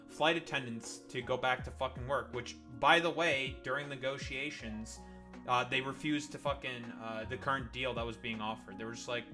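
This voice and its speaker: A man's voice: mid-range voice, pushed and bright. A tired young Canadian man streaming late at night, ranting sarcastically and profanely in a rambling way. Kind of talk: late-night livestream rant.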